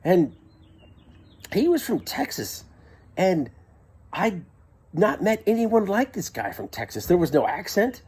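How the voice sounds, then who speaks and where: Husky man telling a rambling story. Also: high-pitched, very animated, a little slow, long pauses, a little mellow. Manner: rambling, self-interrupting, wry. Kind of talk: casual first-person storytelling.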